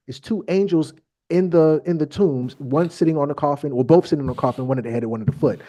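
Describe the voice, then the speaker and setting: A man hosting a podcast, reading Bible verses aloud and riffing on them in slangy, irreverent comic asides, often halting on fillers. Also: a little high. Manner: irreverent, slangy, animated storytelling. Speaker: podcast host.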